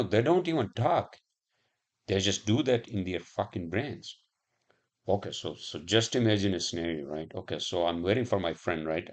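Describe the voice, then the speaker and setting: A man's voice: low voice, a little mellow. A man rambling in a casual monologue, swearing often and musing aloud with lots of fillers.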